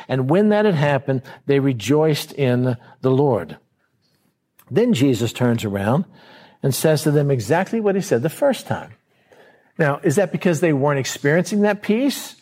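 A man preaching a verse-by-verse sermon in a conversational way, slowing down to stress key words and acting out scenes in quoted voices. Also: fairly high pitch, very animated, darkish tone. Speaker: pastor.

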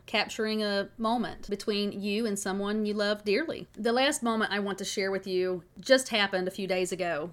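A woman in her forties talks to her listeners in an upbeat, reflective monologue. She tells heartfelt personal stories at a middle pitch, as a host speaking directly to her audience. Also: a bit bright. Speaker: podcast host.

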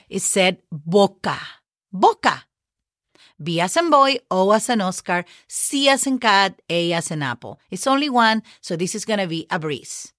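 A woman's voice: mid-range voice, fairly bright tone, no room sound, studio quality. A woman hosting a podcast lesson who patiently spells out words letter by letter, often checking in with "okay?". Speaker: Spanish teacher and podcast host.

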